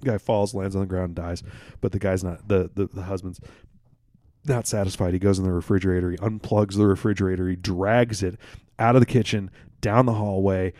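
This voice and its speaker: A man co-hosting a podcast, telling jokes in a rambling, halting way with lots of fillers and restarts and casual swearing. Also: deep voice, fairly even intonation, mellow, no echo. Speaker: podcast co-host.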